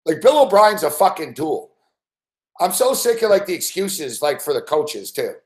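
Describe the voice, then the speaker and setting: Man ranting about betting picks, fed-up and cursing a lot, swooping lively pitch, fairly high voice. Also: moderate pace. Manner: profane, exasperated ranting. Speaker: sports betting analyst. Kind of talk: live-stream betting rant.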